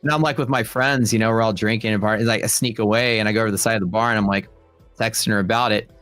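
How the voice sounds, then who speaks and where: A young adult man hosts a trading livestream, his voice low and very fast with faint music in the background. He chats casually with his live chat, joking around and telling animated stories full of playful quoted voices.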